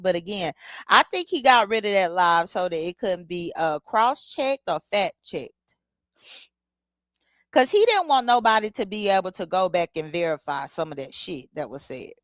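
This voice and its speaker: A woman hosts a casual livestream, talking bluntly with features and greeting chat viewers by name. Her voice is medium-pitched and a bit bright, recorded with no echo.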